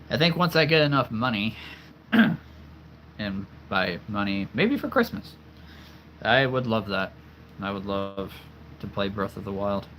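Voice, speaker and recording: Slow-talking man streamer losing his voice. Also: lowish voice, bright, forceful tone, slight background noise. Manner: chatty, laughs often, friendly with viewers. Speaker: livestream host. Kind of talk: casual live chat answering viewers.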